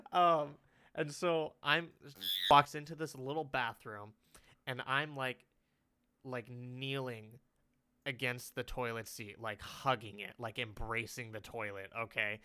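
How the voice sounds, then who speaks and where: A man's voice: medium pitch, fairly even intonation, takes it slowly, sharp tone, clear, resonant tone. A young man telling a story in casual chat, rambling with lots of fillers and laughing often.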